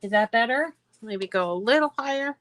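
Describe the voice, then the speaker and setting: A woman's voice: fairly high pitch, expressive, moderate pace, a bit bright, no echo. A woman hosting a craft tutorial, chatting as she explains each step on screen with lots of fillers.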